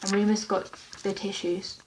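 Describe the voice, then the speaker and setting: A woman's voice: mid-range voice, level tone, moderate pace, darkish tone, a little hiss or hum, rough recording. A woman reading her own fan story script aloud in a plain, unpolished way, with small slips and restarts.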